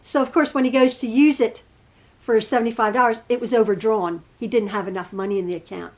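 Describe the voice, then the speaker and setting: Casting: middle-aged woman host, chatty and rambling, fairly high voice, homey storytelling. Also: steady tone, fast, a little mellow. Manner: chatty, rambling, self-correcting. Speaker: quilting channel host. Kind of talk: casual storytelling. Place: home sewing room.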